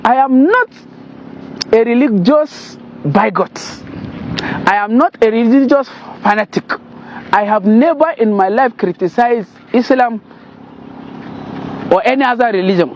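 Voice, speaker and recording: A man's voice: very high-pitched, measured pace, long pauses, a little hiss or hum. A Nigerian man commenting on a clip, translating it line by line and scolding indignantly. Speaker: political commentator. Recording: dull lo-fi sound.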